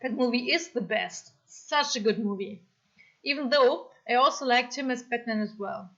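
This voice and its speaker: A woman with a German accent chatting casually on a live stream, reading comments aloud and apologizing often in an excitable way. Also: a little high, moderate pace, muffled recording.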